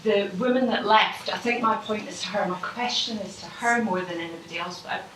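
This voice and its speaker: A woman with a Scottish accent asks a question from the audience at a public meeting, halting and searching for words. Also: mid-range voice, crowd noise. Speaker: audience member asking a question. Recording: echoey hall, distant mic.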